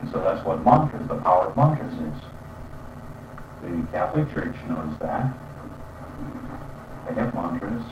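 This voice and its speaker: A man's voice: low-pitched, sing-song, measured pace, pauses often. A man teaching about spiritual practice in an earnest, explanatory way, often checking in with "you see?". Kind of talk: spiritual teaching with chant demonstrations. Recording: roomy, distant, dull sound with faint traffic.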